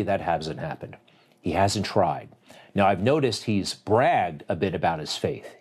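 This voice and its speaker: A man's voice: on the low side, darkish tone. A male TV host giving a candid, conversational opinion monologue straight to the audience. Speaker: TV show host. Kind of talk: direct-to-camera opinion monologue.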